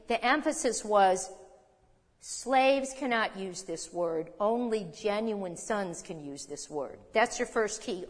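A woman teaching a sermon in a conversational, emphatic way, explaining scripture and reading verses aloud. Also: mid-range voice. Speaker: Bible teacher. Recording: long hall reverb.

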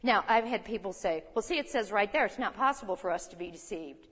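A woman's voice: mid-range voice, expressive, fairly quick, fairly bright tone, slightly rough. Older woman teaching in a long-echo hall. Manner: folksy, chuckling asides and rhetorical questions. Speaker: Bible teacher. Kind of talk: conversational Bible teaching. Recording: reverberant hall.

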